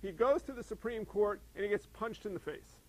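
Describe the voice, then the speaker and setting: A man preaching a sermon in an animated way, acting out voices and asking the congregation questions. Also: sits high, a little fast, rough recording. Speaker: pastor.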